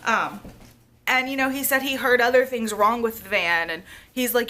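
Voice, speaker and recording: A young woman vlogger rambles chattily while sick, losing her voice and coughing, with plenty of "like" and "y'all." Her voice is on the high side, bright and forceful, at a normal speed.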